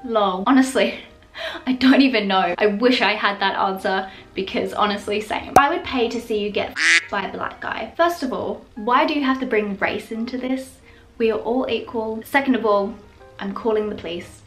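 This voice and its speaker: A woman's voice: medium pitch, normal speed, a bit bright, soft background music. A young woman chatting casually in a home vlog, playful and sarcastic, laughing often as she reads comments aloud. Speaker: YouTuber.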